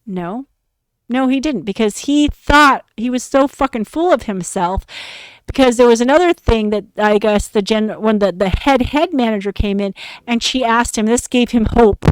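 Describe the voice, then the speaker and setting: A woman's voice: a little high, normal speed, clean tone, no room sound. A young adult woman hosting a podcast, telling a story in an exasperated, profane, emphatic rant. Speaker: podcast host.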